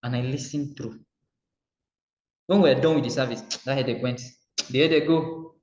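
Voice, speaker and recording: A Nigerian man giving a motivational coaching talk, animated and repetitive, acting out little dialogues as he speaks. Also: medium pitch, moderate pace. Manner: animated, acts out dialogue, repeats phrases. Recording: roomy muffled recording.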